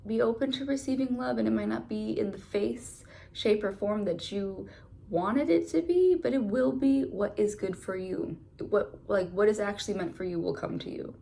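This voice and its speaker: A woman's voice: mid-range voice, moderate pace, gravelly, warm tone. A woman giving a casual tarot reading, chatty and full of filler words. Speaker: tarot reader.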